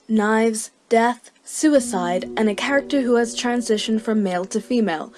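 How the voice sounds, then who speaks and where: Higher-pitched woman narrating a video essay. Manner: argumentative, with rhetorical questions. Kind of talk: scripted narration.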